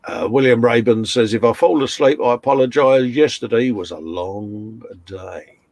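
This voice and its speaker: Host, man, casual live-stream chatter, mid-pitched, dry close sound. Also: normal speed, darkish tone, no echo. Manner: chatty, reads chat messages aloud, laughs often. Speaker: host reading out live chat.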